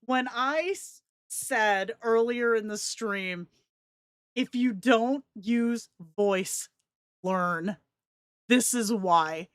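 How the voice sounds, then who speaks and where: Giggly, unhurried woman streamer. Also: fairly high pitch, clean tone, dry recording, studio quality. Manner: giggly, enthusiastic, talks to her viewers. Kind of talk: casual live stream chat.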